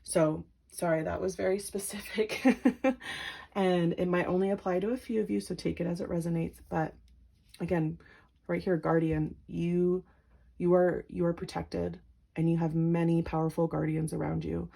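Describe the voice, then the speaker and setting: A woman doing a pick-a-card tarot reading to her viewers, gentle and emotional, with lots of filler words. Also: fairly low pitch, level tone, moderate pace, creaky. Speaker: tarot reader.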